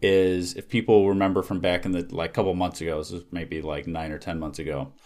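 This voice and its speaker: A man with a very low voice hosts a podcast in casual chat. He rambles, doubling back with fillers as he tells a story. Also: level tone, a little fast, a little mellow. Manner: rambling, lots of filler words and restarts. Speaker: podcast host.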